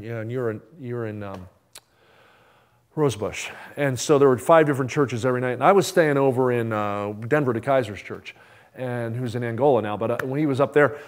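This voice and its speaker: A middle-aged man preaching a sermon, moving from loud emphatic lines to soft, hushed confession. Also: medium pitch. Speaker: pastor.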